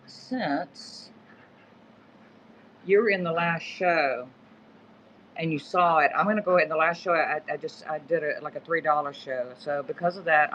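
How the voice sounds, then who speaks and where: A middle-aged man runs a casual live-stream sale from home, rambling and often correcting himself as he goes. His voice sits fairly high for a man. The phone audio sounds dull and lo-fi, with faint background noise. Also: fairly bright tone. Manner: rambling, self-correcting, easygoing. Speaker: live-stream auction seller. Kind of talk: casual live-selling chat. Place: home in the woods.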